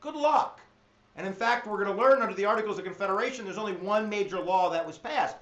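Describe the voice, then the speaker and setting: A man teaching history in an energetic, jokey exam review lecture, slipping into silly voices. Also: high voice, quick pace. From United States. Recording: echoey room, dull lo-fi sound.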